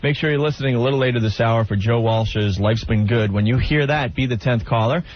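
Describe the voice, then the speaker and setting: Brisk New radio host. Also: male voice, medium pitch. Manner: brisk, plugging promos. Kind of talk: morning radio banter. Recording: dull FM radio sound with music bed.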